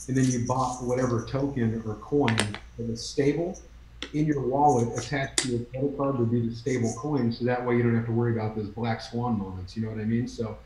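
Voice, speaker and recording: A man's voice: medium pitch, steady tone, a little fast, noisy background. A man hosting a casual livestream chat, easygoing and agreeable, often saying "man". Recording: echoey room.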